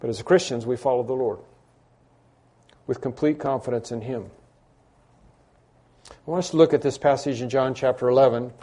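A man's voice: medium pitch, normal speed, pauses often, warm tone. A man preaching a sermon, who acts out the cries and pleas of the people he quotes with rising intensity. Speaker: pastor.

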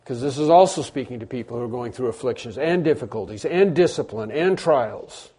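A man preaching a sermon as pastor, emphatic, moving between hushed passages and loud, drawn-out stressed phrases. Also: mid-range voice, expressive, husky.

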